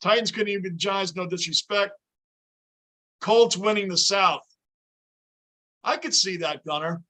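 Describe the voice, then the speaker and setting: A middle-aged man with a high voice and a bright, forceful tone hosts a sports fan livestream. He talks casually and in an animated way, cheering the players and answering viewer questions as they come in. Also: brisk. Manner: animated, chatty, reads viewer comments aloud. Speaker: livestream host. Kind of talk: casual fan reaction chat.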